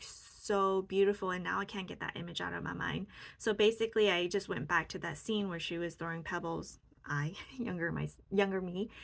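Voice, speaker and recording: A woman in her own home office, softly and warmly sharing a personal healing experience with many fillers. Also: fairly low pitch, creaky. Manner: soft, heartfelt, with many fillers. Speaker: spiritual vlogger. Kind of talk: casual reflective sharing.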